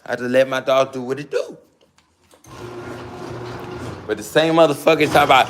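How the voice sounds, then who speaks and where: A man's voice: mid-range voice, steady tone, fast, hardly any pauses, a bit bright, a little hiss or hum. A man who breeds dogs, ranting in a blunt, profane, boastful way and mocking his rivals. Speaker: dog breeder. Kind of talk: casual rant to camera.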